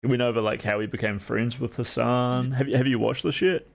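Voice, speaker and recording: A man's voice: mid-range voice, fairly even intonation, fairly quick, vocal fry. A young man with a New Zealand accent, streaming and chatting casually with rambling, filler-heavy, laid-back talk.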